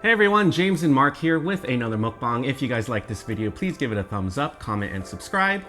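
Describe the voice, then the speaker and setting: Bright-voiced man chatting over a meal. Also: mid-range voice, very animated, fairly quick, soft background music. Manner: chatty, playful, teasing. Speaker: co-host of a food channel. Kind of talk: casual chat while eating.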